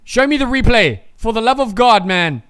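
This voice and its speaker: A man streaming a live race watchalong, reacting with heated, profane ranting that drops into low muttering. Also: animated, normal speed, fairly bright tone, smooth.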